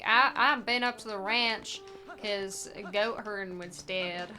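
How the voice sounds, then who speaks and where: A young woman talks over her gameplay in a bright, slightly high voice, unhurried and rambling with plenty of "like" as she goes. Her tone is playful and casual, with faint game music under her voice. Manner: playful, rambling, lots of filler "like". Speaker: streamer playing a randomized adventure game.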